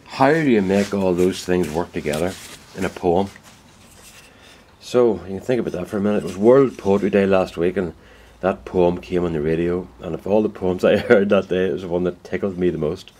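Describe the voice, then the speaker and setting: This deep-voiced man is a woodturner talking in his indoor woodworking shed for a casual workshop vlog. He speaks a little fast with a dark tone, rambling in a folksy way and correcting himself as he goes.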